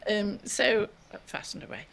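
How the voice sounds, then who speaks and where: A woman's voice: medium pitch, steady tone, a little slow, vocal fry, a bit bright. An older woman, a guest author, telling stories in a chatty, giggly way in a casual interview.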